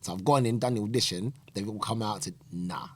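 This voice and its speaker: Brief: husky, low-voiced man in his thirties, fast-paced animated storyteller. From England. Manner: animated, acts out quoted voices, London slang. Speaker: podcast guest, footballer. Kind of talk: casual storytelling.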